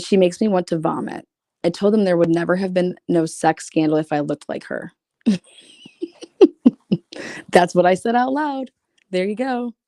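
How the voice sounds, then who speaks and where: A woman's voice: on the low side, dark tone, dry recording, clean studio sound. A woman streaming casually, reading private messages aloud with blunt, sarcastic, profane asides. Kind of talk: casual livestream commentary.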